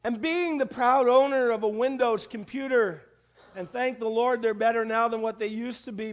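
A man preaching a sermon, telling folksy stories with jokes and repeating key phrases for emphasis. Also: very high-pitched. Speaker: pastor.

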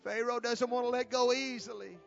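A man preaching an altar call sermon, repeating pleading invitations, swelling loud and then dropping soft. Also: extremely high pitch, steady tone, a little fast, creaky, lo-fi sound, faint music behind. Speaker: guest preacher.

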